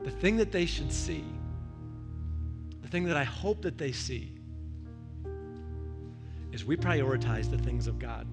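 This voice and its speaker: A man's voice: medium pitch, a little slow, long pauses, music in the background. A male pastor preaching a verse-by-verse sermon, telling stories and acting out the voices he quotes. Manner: animated storytelling with quoted voices.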